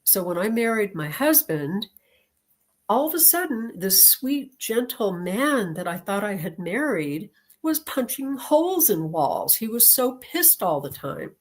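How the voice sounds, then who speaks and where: A woman who teaches and lectures, talking as an interview guest, telling a personal story in an animated way and laughing often. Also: mid-range voice, measured pace.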